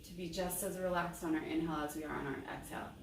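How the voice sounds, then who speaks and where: A woman's voice: deep voice, fairly even intonation, quick pace, gravelly, far from the mic, noisy background. A woman giving a voice lesson in an upbeat, encouraging way. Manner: upbeat and encouraging, sings examples. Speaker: voice teacher. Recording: roomy, mic set back, faint ambience.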